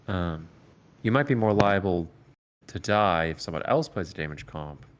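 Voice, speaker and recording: A man coaching a competitive team over voice chat, giving calm, step-by-step strategy advice with frequent "um"s. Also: low voice, normal speed. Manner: calm, explanatory, filler-heavy advice. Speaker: esports coach.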